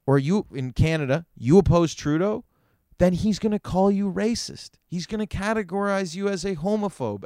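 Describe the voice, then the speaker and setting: A man's voice: high voice, a little mellow, dry recording, studio quality. A man hosting his own comedy podcast, ranting profanely with sarcastic asides. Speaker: podcast host. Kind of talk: solo comedy podcast rant. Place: in Vancouver.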